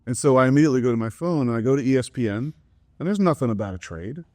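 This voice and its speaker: A man's voice: medium pitch, very fast, no echo, clean studio sound. A middle-aged man on a podcast, casually telling a family story and acting out the voices of the people in it. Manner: animated storyteller, acts out quoted voices. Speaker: podcast co-host, father.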